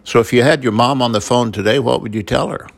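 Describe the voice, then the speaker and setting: An older man, a grandfather, telling a family story in an unhurried way with many pauses. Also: mid-range voice, vocal fry. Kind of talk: casual conversation.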